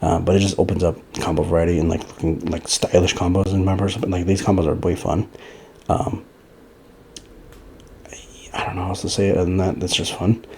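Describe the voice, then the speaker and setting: A man's voice: sits low, little pitch movement, a little fast, creaky, long pauses, darkish tone, a little hiss or hum. A young man giving casual, rambling gameplay commentary for a fighting-game guide, a little out of breath. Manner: rambling, loose, with many fillers and restarts. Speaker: gaming guide creator.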